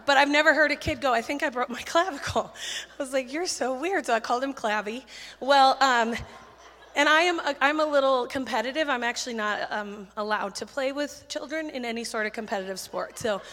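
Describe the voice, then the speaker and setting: A woman preaching to a church crowd, lively and chatty, dropping quick self-deprecating asides between stories. Her voice sits fairly high and carries a long hall reverb. She talks into a handheld mic. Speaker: children's ministry speaker. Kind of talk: sermon with storytelling.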